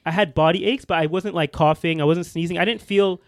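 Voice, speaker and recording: A man's voice: high-pitched, fairly even intonation, fairly quick, no room sound, clean studio sound. A young man co-hosting a podcast, telling a story in casual chat with lots of restarts and fillers. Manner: rambling with many restarts and fillers. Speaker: podcast co-host.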